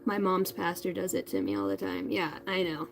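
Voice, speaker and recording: A woman's voice: on the low side, very animated, moderate pace, gravelly, low-quality recording. A woman in her thirties hosting a tarot reading livestream, chatting casually and bluntly with viewers and swearing freely. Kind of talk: casual live-stream chat.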